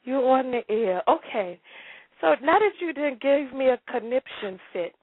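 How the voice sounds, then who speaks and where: A woman hosts a live call-in advice show. Her voice is high and husky, and she stammers, repeats words and keeps breaking into laughter and dramatic exclamations. The sound is dry and thin, like a phone line. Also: lively intonation, moderate pace, no room sound. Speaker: radio advice show host.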